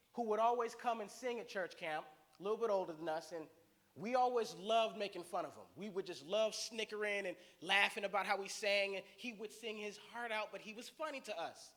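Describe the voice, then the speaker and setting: Bright-voiced man preaching in an echoey hall. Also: high-pitched. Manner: animated storytelling preacher. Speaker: guest speaker. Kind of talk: sermon. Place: church sanctuary. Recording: very echoey hall with faint hiss.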